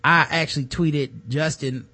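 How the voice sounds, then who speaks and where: A man talking through last night's episode with a friend, cursing casually. His voice sits a bit high. He keeps slipping into loud impressions of the characters as he retells scenes. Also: measured pace. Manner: animated, acts out quotes in loud put-on voices, swears freely. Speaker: podcast co-host. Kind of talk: casual chat recapping a TV show.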